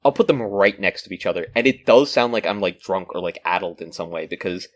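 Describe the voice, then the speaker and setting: Man with lively, uneven pacing. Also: deep voice. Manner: words ebb and flow, fast bursts then very slow. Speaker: podcast co-host. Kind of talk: casual chat. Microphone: remote call mic.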